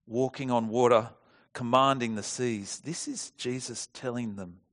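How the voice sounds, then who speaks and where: A man's voice: medium pitch, fairly bright tone. A man preaching a sermon, earnest and expository, asking the listeners questions and sometimes restarting a phrase.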